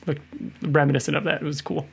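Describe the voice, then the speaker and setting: A man's voice: fast, vocal fry, husky. A man co-hosting a podcast, chatting casually and acting out quotes in a raised voice. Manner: animated, acts out quotes in a higher voice. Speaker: podcast co-host. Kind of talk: casual chat.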